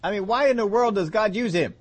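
A man's voice: high-pitched, fairly quick. A man preaching a sermon, joking and acting out the story in voices. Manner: humorous, acts out scenes in voices, laughs often.

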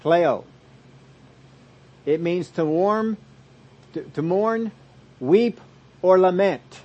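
Male pastor preaching and teaching; fairly high voice, emphatic then hushed. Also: very slow, dull audio. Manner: expository preaching, swings from loud emphasis to soft asides. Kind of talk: sermon.

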